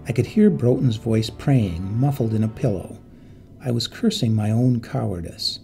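Expressive man reading a ghost story. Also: mid-range voice. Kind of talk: audiobook narration of a ghost story.

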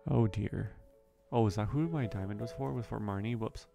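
A low-voiced man gives relaxed gameplay commentary, thinking aloud and catching his own slips. Faint game music plays underneath. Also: normal speed, creaky. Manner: thinks aloud, self-correcting. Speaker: let's play host.

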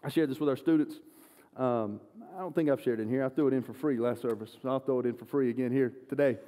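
A man preaching a sermon, an animated, self-deprecating storyteller. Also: medium pitch, fast talker. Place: church sanctuary. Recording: long church hall reverb.

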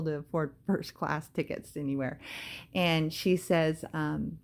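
A woman's voice: low voice, fairly even intonation, slow pace. A woman telling a devotional story to camera in a casual, hesitant way, with many fillers and bursts of praise. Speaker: Christian vlogger.

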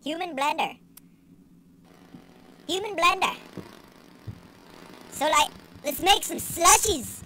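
A young woman giving casual let's-play commentary, excitable and sarcastic, swearing and yelling at the game. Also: extremely high pitch, slow, long pauses, a little hiss or hum. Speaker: gaming channel host.

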